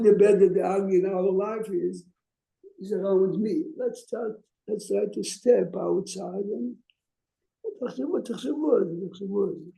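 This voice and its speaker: Man, rabbi, informal lecture, storytelling, rhetorical questions, high and very dark voice. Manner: conversational, rhetorical questions to listeners. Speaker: rabbi teaching a class. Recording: echoey room.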